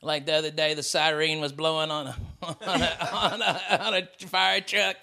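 A Southern US man with a high, bright voice swears his way through a jokey podcast rant. He talks loosely and crudely, firing off insults between laughs. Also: level tone, normal speed. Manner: profane, ranting, jokey. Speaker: podcast co-host. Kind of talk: casual comedic chat.

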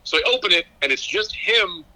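A man's voice: sits high, expressive, a little fast, bright, forceful tone. A male comedian on a phone line, chatting casually and rambling with enthusiasm. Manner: rambling, self-mocking, enthusiastic. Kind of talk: casual chat.

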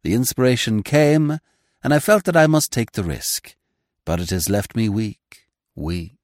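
A man voicing a young gentleman who speaks with elaborate, drily witty politeness. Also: mid-range voice, a little slow, no room sound, clean studio sound, lightly acted. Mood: suave. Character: suave, languid young English gentleman.

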